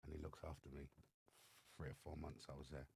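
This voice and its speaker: A man with an English accent, a podcast guest telling his life story in lively fashion and acting out the voices of others. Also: extremely low pitch, brisk, gravelly, breathy edge, no room sound, studio quality. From England. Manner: animated storyteller acting out dialogue. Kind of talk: storytelling interview. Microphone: studio microphone.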